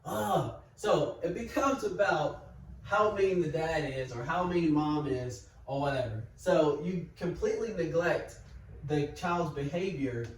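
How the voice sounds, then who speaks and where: A man explaining parenting steps in a calm, patient, step-by-step way, like a teacher at a whiteboard. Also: fairly high pitch, measured pace, slight background noise. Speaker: parenting educator. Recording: echoey room, mic far off.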